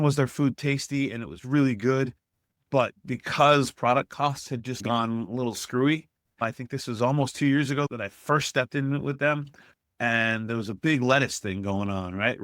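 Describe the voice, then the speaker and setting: A man's voice: medium pitch, moderate pace, no echo, clean studio sound. A man, a restaurant consultant guest on a podcast, telling stories conversationally and acting out the people he quotes. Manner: animated, acts out quoted people. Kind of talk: conversational storytelling.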